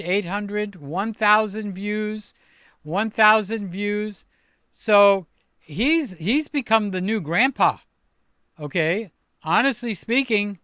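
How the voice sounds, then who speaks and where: An older man hosting a casual livestream, chatty and excitable as he reads out comments and gives shout-outs. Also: high-pitched, clear, resonant tone, no echo, clean studio sound. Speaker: livestream host.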